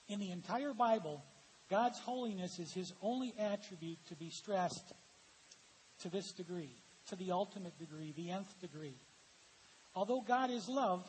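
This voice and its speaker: High-voiced pastor preaching in a reverberant church. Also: male voice, normal speed. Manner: reads quotations aloud and asks the congregation for answers. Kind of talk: sermon. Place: church sanctuary. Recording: long hall reverb with faint hiss.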